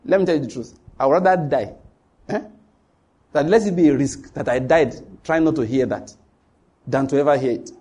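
A man's voice: a little high, normal speed, long pauses, mellow, breathy edge. A man with a Nigerian accent preaching a sermon to his congregation, emphatic and repetitive, speaking straight to the listeners. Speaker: pastor.

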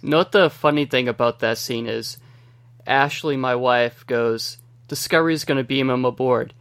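Relaxed man telling a quick story. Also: mid-range voice, clear, resonant tone, no room sound. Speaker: podcast co-host. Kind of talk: casual chat.

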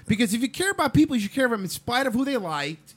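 Animated man, emphatic talk. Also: very high-pitched, racing, breathy edge. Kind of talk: casual podcast discussion.

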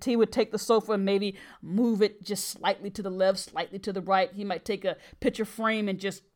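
A woman's voice: medium pitch, fairly even intonation, normal speed. A middle-aged woman hosting a podcast, telling a personal story in an earnest, emphatic way. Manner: earnest and emphatic, with brief laughs.

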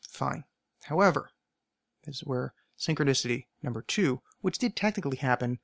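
A young man in a solo podcast wanders through a long story, stopping to correct himself and circle back. His voice sits at a middle pitch and comes through dry and close on the mic. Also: animated, moderate pace, gravelly, a bit bright, dry recording. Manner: rambling, self-correcting anecdotes. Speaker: podcast host.

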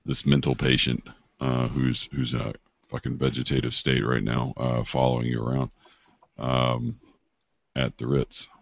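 A man's voice: very deep voice, little pitch movement, measured pace, creaky, dry recording. A man narrating a tabletop game as game master, rambling with many fillers and casual swearing. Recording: dull dry lo-fi sound.

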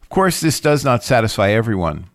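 A man giving a reflective lecture on scripture, speaking in a deliberate, questioning way. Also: mid-range voice, big pitch swings, no echo.

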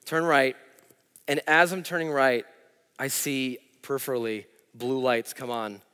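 A man's voice: medium pitch, fairly even intonation, measured pace, bright, forceful tone, smooth. A man preaching a sermon as pastor, telling a self-deprecating story from his own life. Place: church. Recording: church hall reverb.

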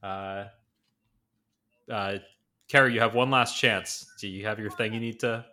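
Give me an easygoing male podcast host with a lower voice and a bright tone. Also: steady tone, a little slow. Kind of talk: casual chat and sign-off.

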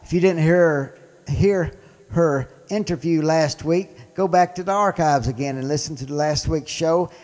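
A man's voice: a little high, measured pace, a little mellow, big-room sound. Mississippi man, upbeat political host. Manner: enthusiastic, emphatic. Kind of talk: political commentary.

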